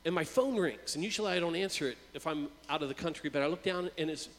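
A youth worker and preacher tells a personal story in a chatty, conversational sermon, talking fast in a voice a bit higher than most men's. He often repeats a word before a phrase comes out. A long reverb carries his voice, as in a big hall.

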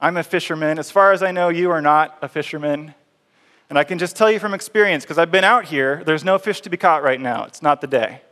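A man's voice: fairly high pitch, fairly quick, a bit bright, natural voice. A preacher voicing a weary, grumbling fisherman. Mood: exasperated. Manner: blunt, exasperated, then earnest. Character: tired, grumbling adult male fisherman. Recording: reverberant hall.

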